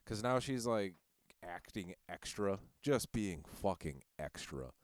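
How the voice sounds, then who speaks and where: A man's voice: sits low, animated, slow, no echo. A young man telling a crude, profane story in casual podcast chat, full of fillers.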